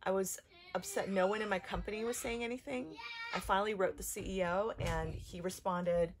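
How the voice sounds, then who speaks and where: A woman in her thirties talking into her camera at home in an emotional personal vlog, upset and halting, restarting sentences and filling gaps with "like". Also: medium pitch, steady tone, a little hiss or hum. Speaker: vlogger.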